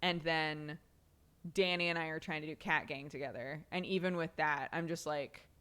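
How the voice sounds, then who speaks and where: A woman talks casually with her live-stream audience in a slightly low voice. She rambles, leans on filler words, swears freely and laughs as she goes. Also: steady tone, moderate pace, bright, forceful tone, smooth. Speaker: streamer answering chat.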